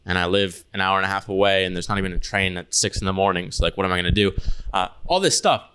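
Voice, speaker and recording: A man's voice: deep voice, fast talker, pushed and bright, clean tone. A man co-hosting a podcast in casual chat, telling loose stories full of "like" and swearing. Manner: loose, swearing storyteller, heavy use of "like". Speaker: podcast co-host.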